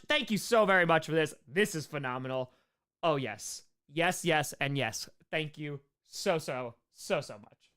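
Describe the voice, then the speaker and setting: A man with a New York accent hosting a casual live stream Q&A, reading fan mail and viewer questions, excitable, repeating his thanks and shouting hype lines. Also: fairly high pitch, moderate pace, smooth.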